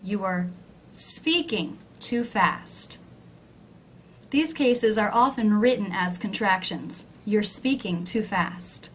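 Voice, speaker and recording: Woman teaching pronunciation, slow careful examples, faint rumble underneath. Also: fairly bright tone. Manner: clear, deliberate, slows down to model example sentences. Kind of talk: scripted teaching narration.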